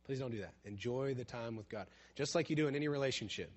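A man preaching a conversational sermon who asks his listeners questions, drops to a hush and then builds to emphatic points. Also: medium pitch, fast. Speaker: pastor.

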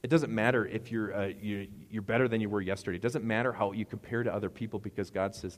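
A man's voice: fairly low pitch, fairly even intonation, fast talker, few pauses, in a large hall. A middle-aged man preaching a sermon as pastor, rambling and conversational with asides.

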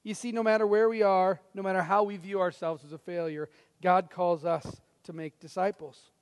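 A man preaching a sermon as pastor, dramatic, swinging from loud to hushed. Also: sits high, level tone, normal speed, clean tone. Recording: reverberant hall.

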